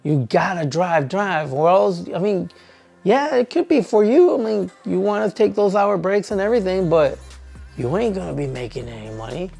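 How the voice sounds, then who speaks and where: A man who trains truck drivers tells a story in a casual vlog, acting out both sides of an argument with lively energy. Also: high-pitched, normal speed, vocal fry, faint music behind.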